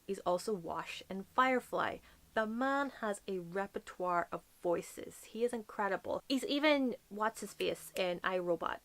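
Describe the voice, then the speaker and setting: Talking to camera about books, a Northern Irish woman with a light accent gushes, jokes around, and slips in whispered asides. She sounds animated but unhurried, with a mid-range voice.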